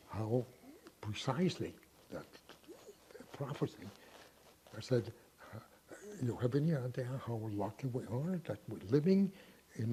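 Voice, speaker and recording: A man in his nineties being interviewed, recalling his past in a halting way with repeated words. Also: mid-range voice, mellow, slight background noise. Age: 90s. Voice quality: very husky voice. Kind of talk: oral history interview.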